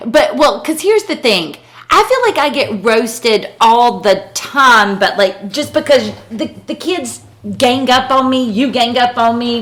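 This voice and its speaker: A middle-aged woman with a slightly high voice chats on a podcast. She talks about herself in an open, reflective way, often questioning her own thoughts. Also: a bit bright. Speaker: podcast co-host. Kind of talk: casual chat.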